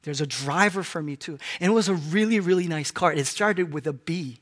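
A man in his forties from Hong Kong preaching a sermon, moving between loud, emphatic declarations and soft, hushed lines. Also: fairly high pitch, brisk. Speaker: pastor.

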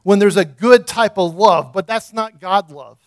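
A man preaches from a church stage, his voice sitting high for a man. He builds fervently, hammering home repeated calls. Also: measured pace. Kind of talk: sermon.

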